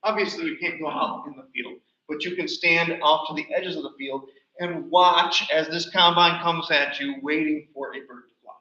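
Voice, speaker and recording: A man giving a chatty, animated slide show talk about a birding trip. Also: on the high side, normal speed. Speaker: presenter. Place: nature center hall. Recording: roomy, distant, dull livestream audio.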